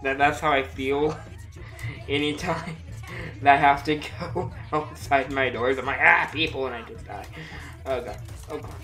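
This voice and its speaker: A woman livestreaming a shooter game, talking slowly in a low voice and laughing at herself between exclamations. She sounds slightly under the weather, her throat dry. Faint game music plays underneath. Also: fairly even intonation. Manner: giggly, self-mocking, frequent laughter and exclamations. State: feeling sick, dry throat. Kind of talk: casual gameplay livestream chat.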